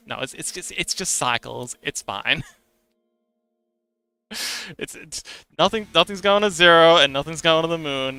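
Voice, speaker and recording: Bright, clear-voiced man chatting casually. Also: a little high, a little fast, dry recording, faint music behind. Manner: rambling, repeats words, laughs often. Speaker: livestreamer. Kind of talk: casual explanatory chat.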